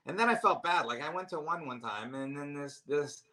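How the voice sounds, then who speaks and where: A man's voice: a little high, expressive, a little fast, pushed and bright. A man, a comedian guest in a casual chat, talking in a rambling, self-deprecating way with lots of restarts. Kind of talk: casual chat over drinks.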